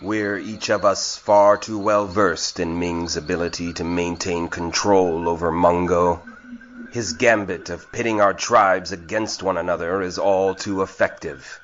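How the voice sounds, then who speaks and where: A man voicing a lion-like feline noble in an audio drama, measured, formal and persuasive. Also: low voice, steady tone, lo-fi sound. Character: lion-like male feline noble, calm diplomat. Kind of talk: indie audio drama acting.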